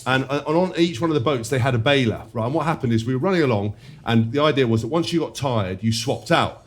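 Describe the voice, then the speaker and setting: A man's voice: medium pitch, fast. An English man co-hosting a podcast, telling a comic story to a studio audience, swearing and laughing through the punchlines. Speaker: podcast co-host.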